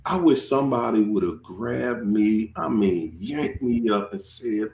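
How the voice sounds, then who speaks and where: Lively echoey man ranting. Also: on the low side, measured pace, gravelly, few pauses. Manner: animated, swears, acts out quoted rants loudly. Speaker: channel host. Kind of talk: casual chat.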